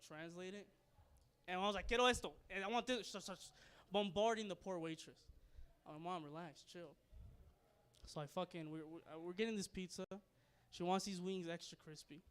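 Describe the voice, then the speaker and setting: Young man, stand-up comic, high smooth voice, crude rambling delivery, laughs at own jokes. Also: steady tone, fairly quick. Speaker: stand-up comedian. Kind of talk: stand-up comedy set. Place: comedy club stage.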